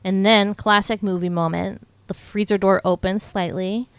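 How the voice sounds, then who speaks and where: A young adult woman co-hosting a podcast, casually recapping a film and acting out characters' lines in quick put-on voices. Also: mid-range voice, steady tone, clean tone, dry recording. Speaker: podcast co-host.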